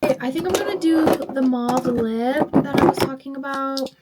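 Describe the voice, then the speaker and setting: Woman, high voice, tipsy, casual vlog, reads stories aloud, swears a lot. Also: normal speed, heavy background noise. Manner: chatty, swears freely, reacts emotionally between stories. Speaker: vlogger. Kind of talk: casual reading of online stories while doing makeup.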